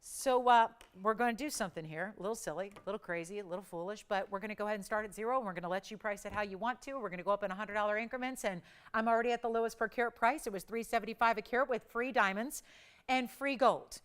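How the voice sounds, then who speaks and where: A woman hosting a live shopping channel, calling out bids in an energetic, chatty auction patter. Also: medium pitch, smooth. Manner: energetic, rapid bid calling; playful, chatty. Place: TV studio.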